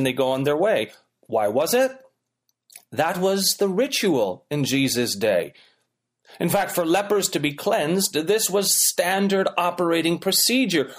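A man preaching a sermon as a pastor, emphatic and rhythmic, with repeated phrases building up. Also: a little high.

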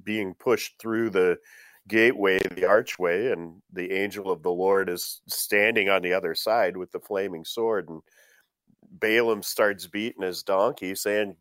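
A man's voice: low voice, fairly even intonation, unhurried, a bit bright, dry recording, clean studio sound. A man co-hosting a Bible study discussion, talking with chuckles and frequent hesitant fillers. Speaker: co-host.

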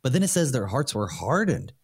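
A man's voice: mid-range voice, very animated, brisk, husky. A male pastor in a mid-range voice discusses scripture with a colleague. He speaks casually and conversationally. He often agrees and moves the talk on to the next question. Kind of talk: Bible study discussion.

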